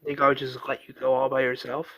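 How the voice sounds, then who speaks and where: A man's voice: medium pitch, completely flat delivery, quick pace, a bit bright, muffled recording, natural voice. A man voicing a loyal young woman who reassures with light teasing. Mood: reassuring.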